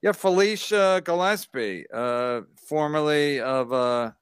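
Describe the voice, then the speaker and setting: A man's voice: a little high, takes it slowly, smooth, no room sound, clean studio sound. A man hosting a casual podcast, reading out chat comments in a rambling, profane, mocking way. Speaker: show host.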